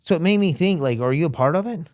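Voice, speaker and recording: A man's voice: on the high side, quick pace, no echo, studio quality. A man from Florida, a guest on an interview show, telling his story in casual talk and acting out what other people said. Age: young adult. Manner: animated, acts out quotes of others. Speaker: interview guest, former smuggler.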